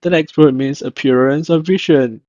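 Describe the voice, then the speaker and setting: A man teaching vocabulary in a slow, measured way, saying each word and then repeating it. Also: a little high, darkish tone, no room sound, highs cut off. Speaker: language teacher.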